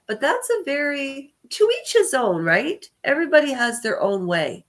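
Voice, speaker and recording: Her voice is a bit high with big pitch swings at a moderate pace as this congested channel host rambles to camera, hesitant and frequently restarting her sentences.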